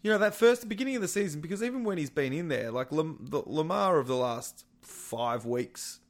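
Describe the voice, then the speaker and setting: A man co-hosting a casual sports podcast, animated and swearing freely, his voice jumping up when excited. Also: a little high, brisk. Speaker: podcast co-host.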